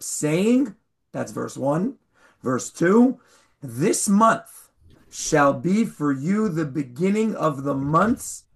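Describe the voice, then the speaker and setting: Slow gravelly man teaching a class. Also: on the high side. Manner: slow, explaining, stresses words. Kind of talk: online Torah class.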